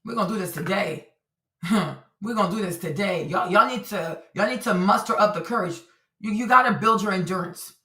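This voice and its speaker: Animated woman streamer in echoey room. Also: medium pitch, moderate pace, far from the mic. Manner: animated, repetitive, talks to her audience. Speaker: streamer commentator. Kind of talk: livestream commentary. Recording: roomy echo, voice a bit off-mic.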